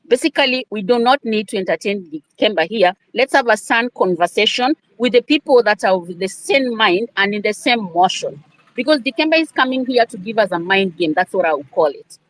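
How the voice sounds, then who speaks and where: A woman arguing forcefully and emotionally in an online discussion, repeating her questions. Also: mid-range voice, no room sound. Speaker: participant in an online audio discussion. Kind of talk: impassioned debate.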